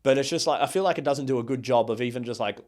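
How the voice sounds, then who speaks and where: Podcast co-host, male, casual rambling recap voice, mid-pitched. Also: darkish tone. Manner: rambling, filler-heavy, acts out characters in quick asides. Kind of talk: casual movie review chat.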